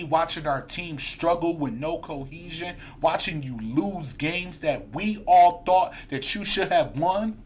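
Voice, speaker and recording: A man's voice: a little high, a little hiss or hum. A man hosting a live sports fan stream, ranting heatedly and reading viewer comments aloud. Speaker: podcast host.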